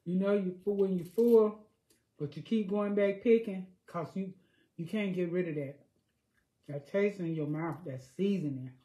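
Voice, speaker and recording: A woman's voice: lowish voice, normal speed, warm tone. An older woman, chatting folksily while she eats and savors her food on a vlog, humming "mm" between bites. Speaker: food vlogger. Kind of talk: casual eating vlog chat. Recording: roomy echo.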